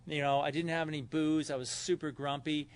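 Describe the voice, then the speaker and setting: Man with a Southern California accent, a little high-pitched, tells a loose, rambling recovery story at a meeting. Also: flat delivery, brisk. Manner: loose, rambling, acts out quotes loudly. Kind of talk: personal story told to a meeting. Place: hotel meeting room.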